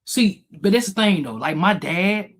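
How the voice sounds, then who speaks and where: A man's voice: high voice, measured pace. A man co-hosting a podcast, telling frank, profane stories about his childhood in casual chat. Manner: candid storytelling, profane, animated. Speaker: podcast co-host.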